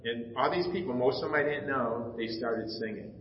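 A man's voice: mid-range voice, normal speed, slight background noise. Middle-aged man telling a heartfelt church story. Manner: storytelling, acting out dialogue, emotional. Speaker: pastor. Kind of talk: personal testimony in a sermon. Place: church sanctuary. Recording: echoey, slightly dull church recording.

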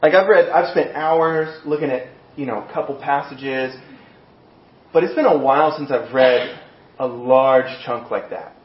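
Animated male preacher in an echoey room. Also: medium pitch, measured pace. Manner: animated storytelling, acting out voices. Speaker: pastor. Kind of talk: sermon. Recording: echoey room, dull sound.

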